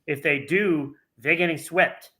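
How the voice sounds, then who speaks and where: A man co-hosting a casual sports talk show, dropping quick asides and wisecracks. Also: on the high side, pushed and bright. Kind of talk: casual sports picks chat.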